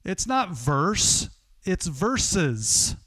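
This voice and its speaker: A man's voice: high-pitched, big pitch swings, very slow, fairly bright tone, dry recording, pitched above the performer's own voice, exaggerated voice, poor audio. A man putting on the voice of a stern older sportscaster correcting a young reporter in a scolding, insistent way.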